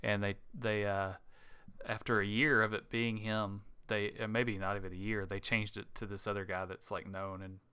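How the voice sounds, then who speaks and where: A man's voice: on the low side, level tone, normal speed, bright, forceful tone, smooth, lo-fi sound. A man co-hosting a podcast, musing in an easygoing casual chat. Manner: easygoing, musing, laughs often. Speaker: podcast co-host.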